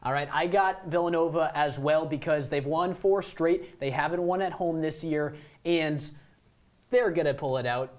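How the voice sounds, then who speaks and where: A young woman co-hosting a student sports talk show in a TV studio, animated and emphatic when she argues a point. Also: sits low, normal speed. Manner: animated, gets worked up and emphatic.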